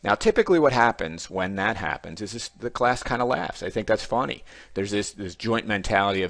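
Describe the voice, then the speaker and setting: A man's voice: on the low side, animated, fairly quick, gravelly, hardly any pauses, fairly bright tone, no room sound, clean studio sound. Folksy middle-aged male statistics teacher. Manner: conversational storytelling with quoted student voices; folksy asides. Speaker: statistics instructor. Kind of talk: recorded lecture video.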